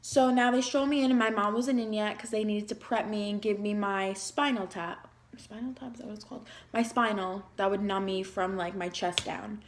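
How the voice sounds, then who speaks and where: A woman's voice: mid-range voice, fairly even intonation, moderate pace. A young woman vlogger emotionally retelling a personal story in a chatty way, with lots of "like". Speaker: beauty vlogger.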